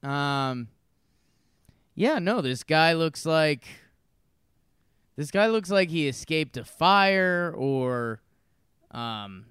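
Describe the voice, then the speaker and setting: A young man co-hosting a casual podcast, answering with dry, deadpan quips. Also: a little high, extremely slow, long pauses, smooth, no echo. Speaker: podcast co-host. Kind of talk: casual chat.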